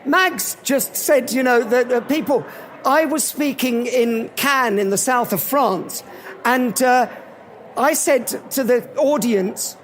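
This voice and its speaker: A man giving a live motivational talk at an event, telling animated anecdotes. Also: very high-pitched, takes it slowly, a little hiss or hum. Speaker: motivational speaker.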